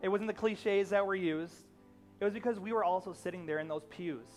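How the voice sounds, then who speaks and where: A young pastor preaches briskly in a slightly high voice, sounding like he's having a relaxed chat, while soft music plays in the background. He uses plenty of fillers and restarts, and shifts into characters' quoted lines when retelling a scene.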